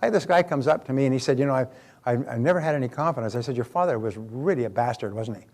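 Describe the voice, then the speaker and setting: A man's voice: medium pitch, very fast, a little mellow. An older man, a motivational speaker, lecturing in an emphatic, repetitive way and telling anecdotes with acted-out quotes.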